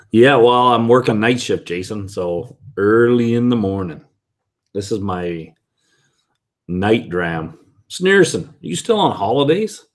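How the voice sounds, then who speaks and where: Unhurried man with a lowish voice, casual whisky vlogger who rambles and corrects himself. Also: very animated. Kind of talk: casual chat reading viewer comments.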